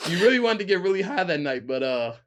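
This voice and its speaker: A young man, a podcast guest, telling a story in casual chat, animated and laughing, acting out his friends' lines. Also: sits high, fast talker.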